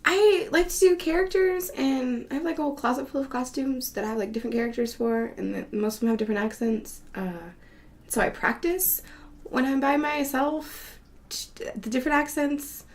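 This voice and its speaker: Woman host, loose casual chatter, quick laughs, frequent swearing, recorded at home. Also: sits high. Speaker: show host. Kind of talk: casual monologue chat.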